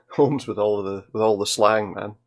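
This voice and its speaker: A man with a slightly low voice chats casually while playing a video game. He thinks out loud and reads the characters' lines as he goes, talking close to a desk microphone. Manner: chatty, thinks aloud and reads in-game dialogue. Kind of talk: casual let's-play commentary.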